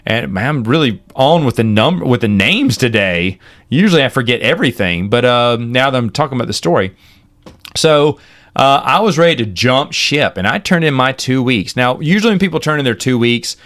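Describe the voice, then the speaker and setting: A man in his forties spins personal stories in a casual podcast chat. His voice is mid-pitched and rises and falls a great deal as he acts out the people he quotes. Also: lively intonation, normal speed, a bit bright. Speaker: podcast host. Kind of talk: casual storytelling.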